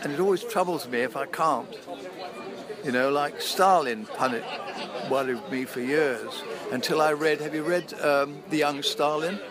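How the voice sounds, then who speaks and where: A man's voice: on the high side, moderate pace. Man, actor, earnest and thoughtful, outdoors, crowd noise. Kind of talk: earnest interview chat.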